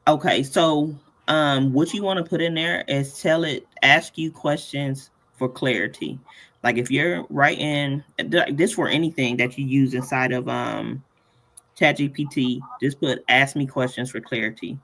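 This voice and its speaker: Casual tutorial host, male, mid-pitched with a rough fry, playful and chatty. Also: unhurried, fairly bright tone. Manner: playful, laughs often, chatty asides. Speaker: workshop host.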